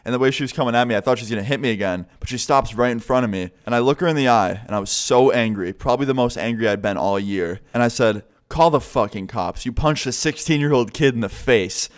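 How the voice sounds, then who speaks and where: A man's voice: mid-range voice, fast talker, hardly any pauses, smooth. A young man casually telling a story to his vlog audience, swearing freely and acting out what others said. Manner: casual, profane, animated retelling. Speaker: vlogger.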